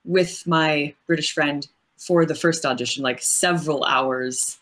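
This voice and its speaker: A woman's voice: deep voice, measured pace, fairly bright tone. A woman voice actress as an interview guest, explaining her craft at length in a thoughtful, casual way with frequent fillers.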